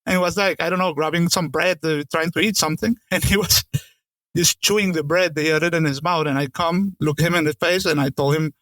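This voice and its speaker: A man's voice: fairly high pitch, fairly even intonation, a little fast, fairly bright tone, no echo. A man co-hosting a podcast, telling a kitchen story in casual chat, swearing freely and sometimes hunting for the right word. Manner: swears freely, searches for words mid-sentence. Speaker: podcast co-host.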